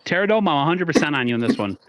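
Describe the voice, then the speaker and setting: A man's voice: a little high, lively intonation, rapid-fire, a bit bright, no room sound. A man co-hosting a sports podcast, fired up and swearing freely. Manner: fired up, profane. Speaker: podcast co-host. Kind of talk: casual sports podcast chat.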